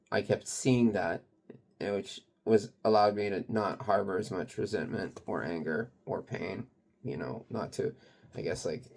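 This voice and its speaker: Low and gravelly, this man's voice carries a casual, rambling confession about his own life, peppered with fillers and the occasional curse. He sells kratom and owns a channel.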